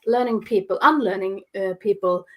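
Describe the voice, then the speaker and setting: A woman's voice: mid-range voice, normal speed, fairly bright tone. A woman guest artist talking casually on a video call, hesitant with many fillers. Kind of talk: casual interview chat.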